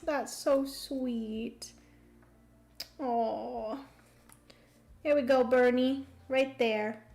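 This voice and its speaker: Streamer host: chatty woman at home, somewhat high voice, unhurried delivery, easygoing commentary. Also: steady tone, gravelly, darkish tone. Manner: chatty, fills with hums and ums. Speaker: board game streamer. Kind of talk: casual livestream commentary.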